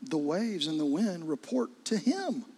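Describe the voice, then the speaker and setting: A middle-aged man preaching a sermon, his delivery swinging from hushed, intimate lines to loud, urgent ones. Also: on the high side, very animated, a little slow, breathy edge. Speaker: pastor.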